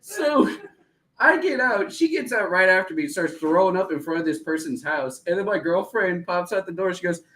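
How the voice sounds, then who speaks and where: A man's voice: sits high, moderate pace, low-quality recording. A man co-hosting a casual chat, telling profane, joking stories. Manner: profane, joking, animated storyteller. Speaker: co-host.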